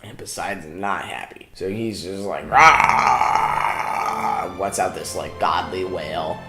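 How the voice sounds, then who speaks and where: A man's voice: sits low, steady tone, normal speed, vocal fry. A man hosting a comedy show, retelling a movie in a loose, rambling way full of "like". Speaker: show host. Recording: echoey room with loud music.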